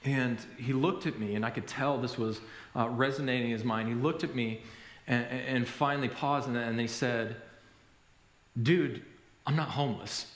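A man preaching a sermon as a pastor, telling stories in an animated way with self-deprecating humor. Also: mid-range voice, moderate pace, reverberant. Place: church sanctuary.

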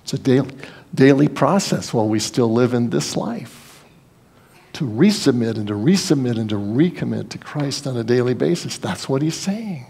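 A pastor preaching a sermon, his voice sitting at a middle pitch for a man. He talks earnestly and conversationally, leaning on folksy asides as he goes. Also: expressive, normal speed, vocal fry, mellow, husky.

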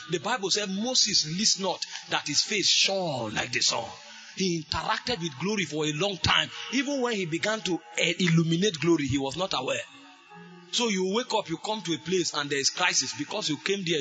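Fervent preacher man, bright voice. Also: fairly high pitch, lively intonation, a little fast, faint music behind. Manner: fervent preaching with sudden shouted bursts. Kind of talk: sermon.

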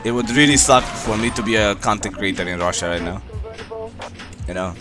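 Rambling low-voiced man from Romania. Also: brisk. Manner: relaxed, rambling, many fillers. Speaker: streamer. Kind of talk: casual chat with viewers. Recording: music playing behind.

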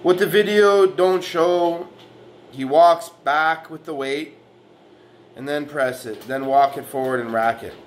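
A man's voice: on the high side, slow, slight background noise. Boastful, profane man ranting at rivals. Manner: boastful, aggressive, profane trash talk; argumentative, repeating "man" and "right". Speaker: fitness vlogger. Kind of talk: profane reaction rant.

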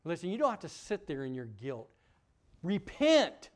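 A man preaching a sermon as pastor, emphatic, asking the congregation questions, swinging from loud peaks to quiet drops. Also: a little high, very animated, quick pace. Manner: asks the congregation rhetorical questions.

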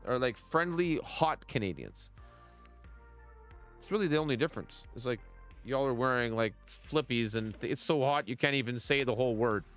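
Brief: male streamer, 30s, mid-pitched, chatty and joking, casual game commentary. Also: animated, moderate pace, a bit bright, soft background music. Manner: playful, chatty, greets viewers by name.

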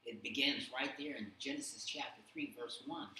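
A man's voice: mid-range voice, normal speed. A man leading a casual Bible study discussion, telling stories animatedly with many fillers. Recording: very echoey room, faint background hum.

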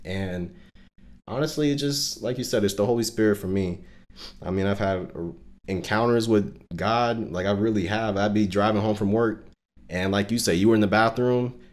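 A man telling a personal faith story on a casual podcast, earnest and emotional, with lots of fillers. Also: normal speed. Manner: rising pitch and loudness when recounting intense moments. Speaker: podcast co-host and Christian musician.

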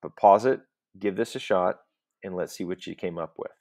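A man's voice: sits low, normal speed, a little mellow. A man teaching a recorded Latin lesson, explaining step by step in a patient voice and often checking in with "okay?".

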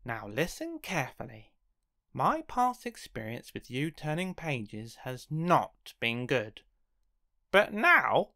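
A woman reading a children's picture book aloud in a theatrical way, swinging between hushed pleading and frightened yelps. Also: extremely low pitch, sing-song, slow. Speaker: storybook reader.

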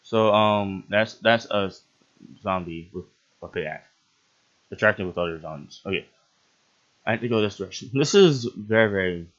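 Male gameplay commentator, slightly low voice, excitable and giggly, recorded on a dull lo-fi mic. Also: moderate pace, pauses often. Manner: excitable, laughs often, bursts into yelps. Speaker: gaming channel host.

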